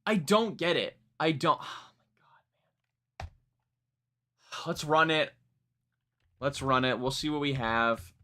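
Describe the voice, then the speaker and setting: A man's voice: a little high, a little slow, long pauses. A man reacting live to new music, casual and profane, with exasperated running commentary. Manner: animated, swears freely, exasperated asides.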